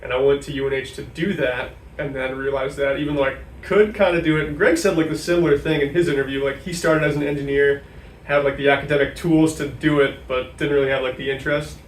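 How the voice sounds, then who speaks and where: A young man from New Hampshire, working as a sports information director, chats casually as a guest in an interview, stuffing his sentences with "like." His mid-range voice is steady and quick. The room echoes, the mic is distant, and there's faint noise.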